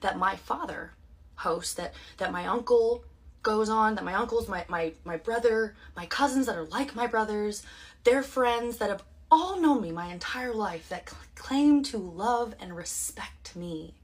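A woman speaks to her camera in a long, rambling monologue, sarcastic and aggrieved, piling on asides. Her voice has a husky, breathy grain at a middle pitch. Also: lively intonation, measured pace. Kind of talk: casual social media monologue.

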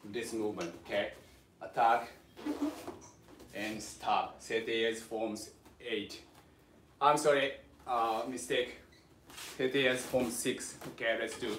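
A man with a Japanese accent leads a livestreamed sword lesson from home. He talks haltingly, with many fillers, coaching and reassuring his students. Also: mid-range voice, fairly even intonation, fairly bright tone, slight background noise. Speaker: sword instructor.

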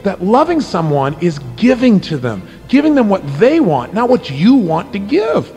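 A middle-aged man giving a motivational talk, telling personal stories with animated energy that drops to a hushed, earnest tone. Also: sits high, moderate pace, soft background music. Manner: animated storytelling, swinging from excited to hushed and earnest. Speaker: motivational speaker.

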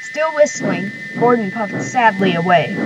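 A woman narrating a children's railway story in a brisk, lively way. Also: medium pitch, background noise. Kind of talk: storybook read-aloud. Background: background music.

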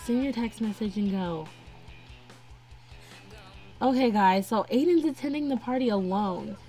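A woman's voice: medium pitch, animated, unhurried, dark tone. A young woman giving casual let's-play commentary, chatting to her game characters as she plays. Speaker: gameplay narrator. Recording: faint game music behind.

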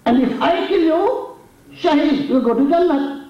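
A man's voice: extremely high pitch, lively intonation, unhurried. A man with an Indian accent preaching a sermon, telling a story dramatically and raising his voice for the challenges. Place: mosque hall. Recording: echoey hall, distant mic, dull sound.

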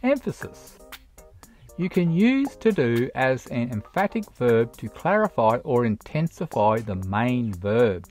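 An English teacher narrates a grammar lesson for learners, explaining slowly and deliberately and spelling out each example read aloud. Her or his mid-range voice rises and falls in an animated way at an unhurried pace, with soft music playing quietly underneath.

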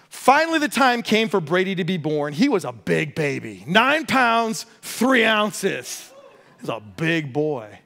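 A middle-aged man, a pastor, preaching a sermon with animated storytelling and humor. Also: high voice.

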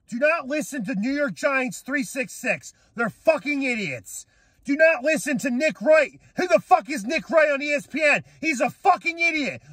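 Young guy ranting mad about his team, yells a lot, high pitched, dry close mic. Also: dry recording. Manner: angry, shouting, swearing. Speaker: sports fan vlogger. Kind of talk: profane rant to camera.

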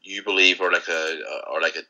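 A man's voice: low-pitched, little pitch movement, fairly quick, bright, forceful tone. A young man co-hosting a podcast, rambling and teasing in casual banter and swearing freely. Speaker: podcast co-host. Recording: dull lo-fi podcast audio.

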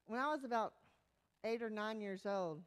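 A woman pastor giving a sermon in a conversational, animated way, sometimes dropping to a hushed, soft tone. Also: medium pitch, normal speed.

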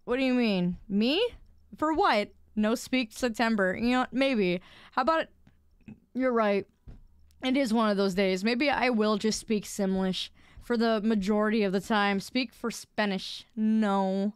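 Giggly young woman streamer, clear voice. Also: medium pitch, measured pace, dry recording, studio quality. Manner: giggly, rambling, self-mocking. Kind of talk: casual live-stream chat.

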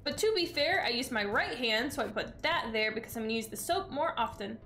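A woman's voice: on the high side, expressive, fairly quick, bright, forceful tone, soft background music. A woman streaming a game in casual chat, exasperated and sarcastic, swearing freely. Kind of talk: casual live-stream chat while gaming.

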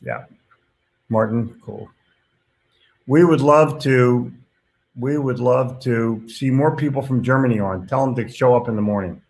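A male host with a voice of ordinary pitch, chatting casually on a live stream. He reads viewer comments aloud and reacts bluntly, dropping in the odd swear word. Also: measured pace, creaky, long pauses, a little mellow.

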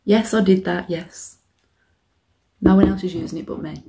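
A woman's voice: lowish voice, moderate pace, pauses often, mellow. A young woman chatting casually and swearing freely while eating on camera. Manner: chatty, sweary and self-mocking. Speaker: mukbang vlogger. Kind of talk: casual eating-show chat.

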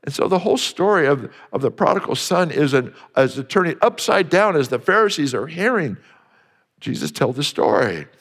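A man's voice: a little high, big pitch swings, moderate pace, fairly bright tone, in a large hall. A male pastor preaching a sermon earnestly, repeating phrases for emphasis and sometimes restarting mid-sentence.

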